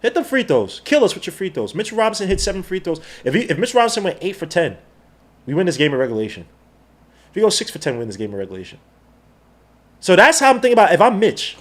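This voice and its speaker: New guy hosting a live game watch-along, fired up, voice jumps high and all over the place. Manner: animated, excitable, slangy fan talk. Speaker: podcast host.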